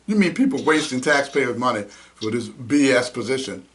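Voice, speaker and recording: A man's voice: mid-range voice, lively intonation, moderate pace, fairly bright tone. A man hosting a talk show, ranting with indignant, mocking commentary. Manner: indignant, mocking, name-calling rants. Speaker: podcast host. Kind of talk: heated commentary.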